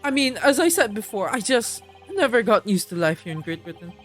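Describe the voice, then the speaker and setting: A woman voicing an excitable, theatrical Japanese man abroad in a game, speaking in gushing, alliterative outbursts. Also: a little high, brisk, soft background music. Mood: brooding, grandiose. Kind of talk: reading a visual novel aloud.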